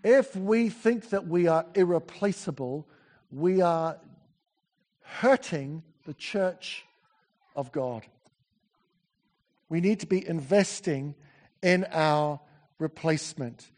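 A man preaching a sermon in a church, chatty and animated, full of asides and self-corrections. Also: sits high, slow, pauses often.

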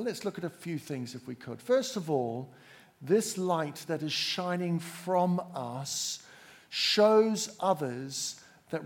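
A man preaching a sermon to a congregation, measured and emphatic, drawing the listeners in. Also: a little high, vocal fry.

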